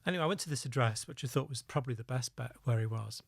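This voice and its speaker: A middle-aged man tells his story in a lively, anecdotal way, often laughing at himself. His voice sits at an ordinary pitch. The sound is dry and close, with no room echo. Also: racing, creaky. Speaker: guest, former undercover police officer. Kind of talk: storytelling in a podcast interview.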